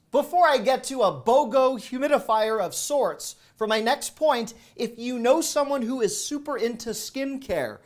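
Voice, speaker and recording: Upbeat man reading a deals rundown. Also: sits high. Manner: brisk, upbeat product rundown. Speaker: shopping deals host. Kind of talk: scripted voice-over narration.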